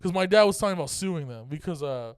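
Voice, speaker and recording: Smooth-voiced young man, profane storyteller. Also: a little high, animated, quick pace, dry recording, clean studio sound. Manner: profane, rambling, laughing as he talks. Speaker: podcast co-host. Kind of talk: casual storytelling chat.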